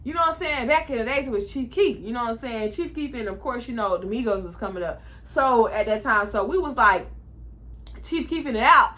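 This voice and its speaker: A woman in her twenties telling a storytime in a casual, animated, profane way, acting out what people said. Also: on the high side, a little fast. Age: 20s. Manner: animated, profane, acts out quotes. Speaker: vlogger.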